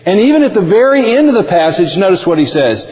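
A male pastor preaching a sermon in an emphatic, animated way. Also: sits high, fast. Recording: dull lo-fi audio with long hall reverb.

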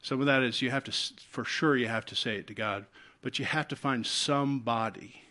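A man with a Southern US accent preaching a sermon as pastor, swinging between loud urgent calls and soft hushed appeals. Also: mid-range voice, brisk.

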